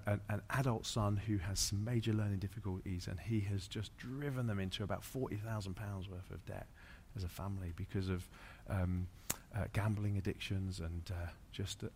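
A man's voice: fairly low pitch, darkish tone, slight background noise. A man, a pastor, preaching through an anecdote, with many fillers and restarts. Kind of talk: sermon storytelling.

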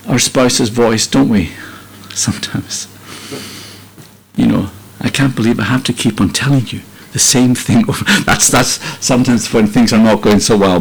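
Middle-aged guy preaching, earnest and heartfelt, keeps repeating himself, mid-pitched voice. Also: husky, poor audio. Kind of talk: sermon.

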